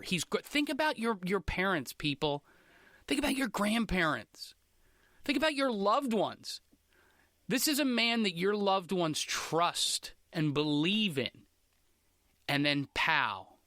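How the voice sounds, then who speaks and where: A man hosting a comedy podcast, riffing in a casual, animated, mock-indignant way with crude jokes. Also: a little high, no echo, clean studio sound. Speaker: podcast host.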